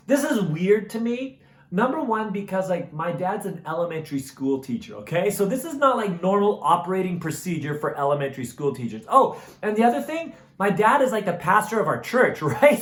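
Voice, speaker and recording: A man giving a recorded camp sermon, telling a story with animated energy and then dropping to soft, earnest appeals, in a casual way with "man" and "right?". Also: high-pitched. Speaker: camp speaker. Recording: echoey room.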